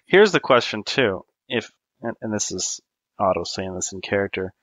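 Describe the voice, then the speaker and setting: A man's voice: fairly low pitch, big pitch swings, moderate pace, a bit bright, dry recording. A man playing a tabletop game, chatting casually with wry humor and speaking partly in character.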